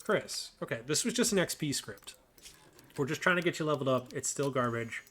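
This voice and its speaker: A man hosting a let's play, joking and thinking out loud as he plays. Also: medium pitch, animated, a little fast, a little hiss or hum. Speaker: gameplay host.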